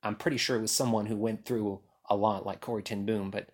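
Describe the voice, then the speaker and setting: A man preaching a sermon, acting out quoted voices and dropping to a hush at key lines. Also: lowish voice, fairly quick, husky. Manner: animated, acts out quotes and swings from loud to hushed. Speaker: pastor.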